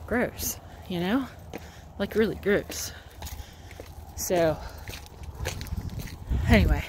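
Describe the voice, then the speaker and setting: Woman vlogger talking to a phone on a morning walk, loose and rambling, clear outdoor background noise. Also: mid-range voice. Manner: chatty and rambling, many "like" fillers. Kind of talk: casual chat while walking her dog. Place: outdoors at sunrise.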